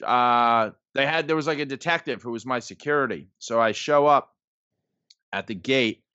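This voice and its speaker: A man's voice: medium pitch, moderate pace, bright, forceful tone, clear, resonant tone, dry recording. A man in his thirties, a podcast guest, telling stories in a casual, rambling way full of "like" and "um". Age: 30s. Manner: rambling, heavy use of "like" and "um". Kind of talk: casual storytelling. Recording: dull lo-fi podcast audio.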